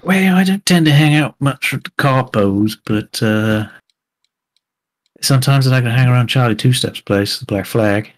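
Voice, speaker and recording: A man's voice: mid-range voice, normal speed, voice pushed up, lightly acted. A man voicing a streetwise male contact who talks in a laid-back, knowing way. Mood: casual.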